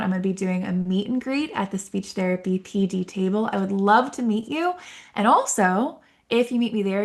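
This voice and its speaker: A woman hosting an unscripted speech-therapy podcast, talking animatedly and demonstrating rhythmic speech. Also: mid-range voice. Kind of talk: unscripted solo podcast talk.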